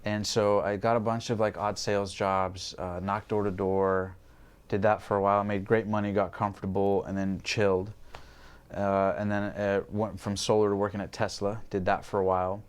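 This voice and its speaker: A man's voice: fairly low pitch, level tone, moderate pace, clear, resonant tone. A man in his twenties, a podcast guest, telling his personal story candidly, swearing freely and acting out his past thoughts. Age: 20s.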